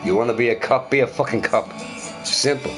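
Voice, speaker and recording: A man's voice: medium pitch, brisk, music in the background. A young man ranting loosely to his live chat, swearing and repeating himself. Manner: animated, sweary, repeats phrases. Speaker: live streamer answering chat.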